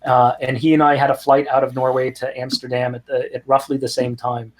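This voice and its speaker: A middle-aged man, a guest in an interview, telling anecdotes in an animated, conversational way. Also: mid-range voice, brisk. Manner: animated anecdotes with quoted voices and laughs. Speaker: guest, music startup founder. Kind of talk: conversational storytelling.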